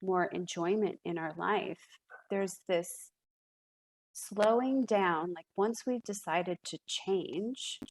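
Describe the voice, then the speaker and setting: Slow-talking woman with a gravelly edge. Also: fairly low pitch, rough recording. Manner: reflective, with frequent fillers and restarts. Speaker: guest. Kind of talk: casual podcast conversation.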